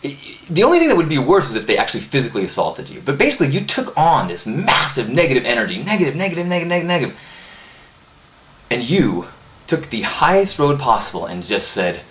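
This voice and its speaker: A man hosting a live inspirational talk, praying and then telling a story in an earnest, animated way. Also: mid-range voice, fast talker. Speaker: host. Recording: roomy live webcast audio.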